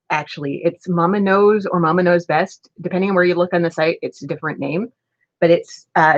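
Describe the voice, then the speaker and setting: A woman's voice: fairly low pitch, a bit bright, no echo. A woman chatting casually on a crafting live stream, laughing often between remarks. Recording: dull lo-fi stream audio.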